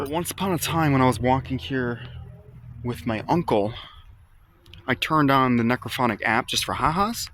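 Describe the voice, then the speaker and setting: A man hosting a ghost-hunting vlog outdoors in a cemetery, talking into a phone strapped to his arm. He calls out to spirits in a slow, coaxing way and chats casually to his viewers in between. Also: mid-range voice, slight background noise. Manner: calm, slow, coaxing call-outs mixed with casual asides to viewers. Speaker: paranormal vlogger.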